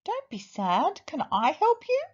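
Woman playing a little mouse, high, soft, kind, reassuring, storybook, muffled recording. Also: wildly swooping pitch, a little slow, full character voice. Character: tiny kind mouse, small gentle voice.

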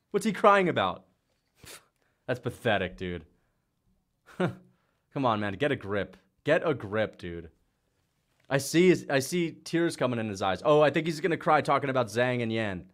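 A man's voice: mid-range voice, unhurried, long pauses. A young man hosting a fight-reaction livestream, chatting loosely, swearing and reading out viewer donations. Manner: loose, swears often, excitable outbursts.

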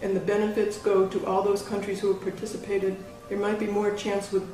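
A man with a high voice talks in a narrow, flat melody, pausing and correcting himself as he thinks. The sound is very echoey and far from the mic, with soft music underneath. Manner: hesitant, thoughtful, self-correcting. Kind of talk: casual conversation. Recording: very echoey room, distant mic, music behind.

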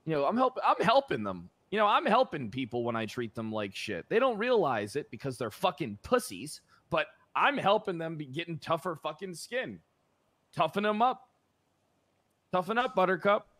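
Brief: young man, sheriff roleplay, loud profane bluster, slightly high and very animated delivery. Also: normal speed. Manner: brash, profane, mock-aggressive ranting. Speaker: roleplay streamer playing a sheriff. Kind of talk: improvised game roleplay.

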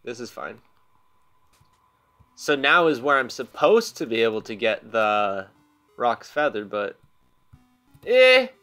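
A man's voice: medium pitch, unhurried, long pauses, pushed and bright, faint music behind. A young man casually commenting on his own gameplay at home, joking at his own expense and laughing often. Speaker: gaming channel host. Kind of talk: casual let's play commentary. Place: home room.

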